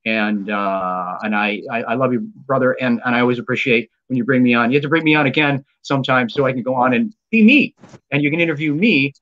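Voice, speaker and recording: A man's voice: mid-range voice, fast talker. Male stream host, playful and rambling, on a muffled lo-fi stream feed. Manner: playful, jokey, stumbles and repeats words. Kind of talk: casual live stream chat. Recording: dull lo-fi stream audio.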